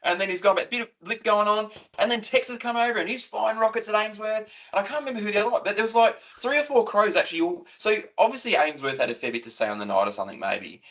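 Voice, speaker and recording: An Australian man talks footy in a loose, rambling podcast chat. He gets worked up fast and swears freely. His voice is a touch high and swings widely in pitch. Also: animated, fairly bright tone. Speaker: podcast co-host. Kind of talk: casual chat.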